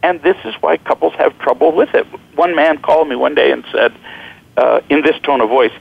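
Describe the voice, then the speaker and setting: A middle-aged man, a guest author, telling animated, joking stories in an interview and acting out what people said. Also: fairly high pitch, fairly quick, gravelly, muffled recording. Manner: animated, joking, acts out quoted voices. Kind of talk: storytelling interview talk.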